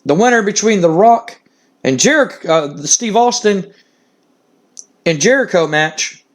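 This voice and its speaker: A man's voice: high-pitched, animated, unhurried, voice pushed up. A man doing a bossy old boss. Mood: scheming. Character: bossy older male company owner.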